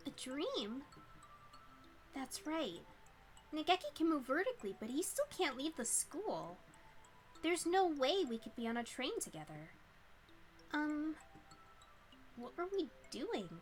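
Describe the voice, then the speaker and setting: A woman voicing an excitable teenage schoolgirl while reading a visual novel aloud, bubbly and prone to flustered outbursts. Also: high-pitched, takes it slowly, long pauses, faint music behind, pitched above the performer's own voice, heavily acted. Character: excitable cheerful teenage girl student.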